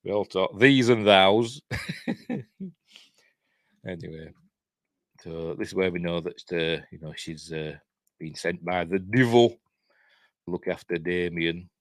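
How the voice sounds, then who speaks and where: Casting: a rambling, chatty Yorkshire film reviewer, deep voice, dry recording. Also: male voice, slow pace, long pauses, no room sound. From Yorkshire, England. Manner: rambling, chatty, lots of fillers and chuckles. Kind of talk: casual film breakdown.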